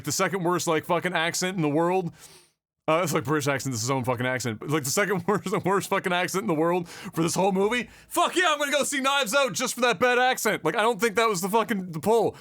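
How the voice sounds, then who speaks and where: A fairly high-voiced man co-hosting a gaming podcast, rambling and animated, peppering his talk with swearing and fillers. His voice sounds close and dry, with little room around it. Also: quick pace, no room sound. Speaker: podcast co-host. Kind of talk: casual podcast chat.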